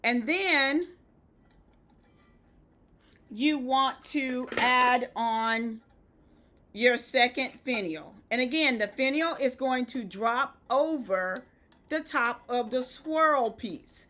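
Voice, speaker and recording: Woman, Southern US accent, host of a live craft demo; high, bright, patient and instructive. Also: slow pace. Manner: step-by-step instructive, checks in with "okay?". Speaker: event decor host. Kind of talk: live-stream how-to demo.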